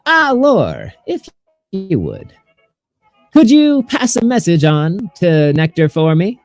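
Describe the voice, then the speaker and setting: A man's voice: high-pitched, wildly swooping pitch, slow, darkish tone, no echo, pitched above the performer's own voice, heavily acted. A prim, theatrical bird-man ship captain, put on by a man. He speaks in a lifted, airy register well above a plain voice and draws his words out grandly. The recording is dry and close, with faint music underneath.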